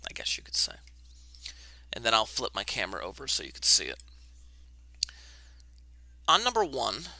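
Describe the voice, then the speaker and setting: A man's voice: medium pitch, creaky, pushed and bright. A man teaching an online math class, talking casually and thinking aloud as he writes and adjusts his camera, recorded on a webcam. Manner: casual, talks to himself while setting up camera.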